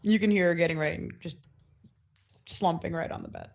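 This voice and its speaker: A woman's voice: on the low side, wildly swooping pitch, a little fast, creaky. A woman running a tabletop game as game master, narrating scenes in a rambling way full of "like" and "kinda".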